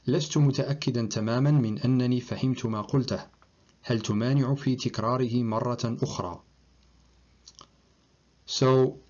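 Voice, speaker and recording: A man with a Moroccan accent teaching English phrases, reading model sentences slowly and checking in with "okay?". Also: mid-range voice, darkish tone, highs cut off. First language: Moroccan Arabic. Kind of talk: language lesson, switching between English and Moroccan Arabic.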